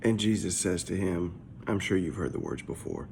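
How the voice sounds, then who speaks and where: Man, pastor, low voice, conversational devotional, repeats words. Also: normal speed, vocal fry, darkish tone, slight background noise. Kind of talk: short devotional talk.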